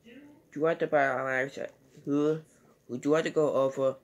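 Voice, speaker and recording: A man's voice: fairly high pitch, steady tone, brisk, muffled recording. A man giving a casual home video movie review and retelling scenes in a rambling, loosely strung way.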